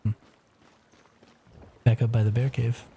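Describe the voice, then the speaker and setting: Male streamer, relaxed gameplay chatter to his chat, warm low voice, faint background noise. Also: measured pace, gravelly. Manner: chatty, reads chat aloud. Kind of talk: casual gameplay commentary.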